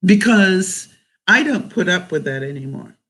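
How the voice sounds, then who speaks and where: A woman's voice: on the low side, lively intonation, unhurried, a bit bright, poor audio. A woman vlogger chatting casually and answering viewer comments, outspoken and assertive. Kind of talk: casual live chat.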